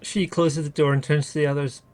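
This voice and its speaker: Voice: medium pitch, flat delivery, a little fast, darkish tone, slight background noise. A tabletop player describing their character's actions in a cautious, earnest way.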